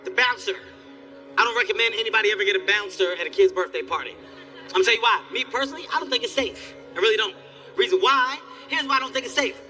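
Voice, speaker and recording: A man doing stand-up comedy, telling a profane story in an animated, exasperated way. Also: high-pitched, quick pace. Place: live comedy venue. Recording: distant live stage recording with faint music.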